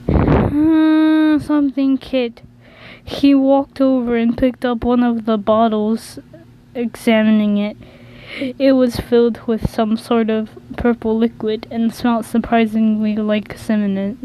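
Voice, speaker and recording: A woman's voice: a little high, warm tone, slight background noise, poor audio. A woman reading a fan story aloud, often stumbling and correcting herself. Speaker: reader.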